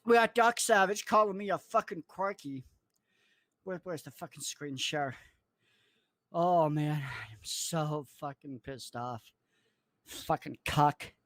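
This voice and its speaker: A man in a furious, profanity-laden livestream rant, cursing, threatening and mocking people in a squeaky put-on voice. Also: slow, long pauses, fairly bright tone, no echo. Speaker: online commentator.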